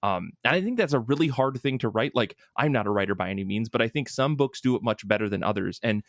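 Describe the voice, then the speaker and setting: A young man in casual podcast chat with a medium-pitched voice. He rambles, restarts his sentences, and rises in pitch and volume when something excites him. The sound is dry and close to the mic. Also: quick pace, dry recording. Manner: rambling with frequent restarts and fillers; enthusiastic, gets louder and higher when excited. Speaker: podcast co-host.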